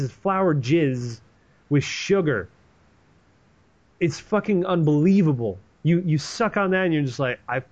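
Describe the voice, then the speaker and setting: Guy hosting, retelling a story in a rambling, sweary way, kinda high voice, dull lo-fi sound. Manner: profane, animated, rambling. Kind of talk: casual comedic retelling.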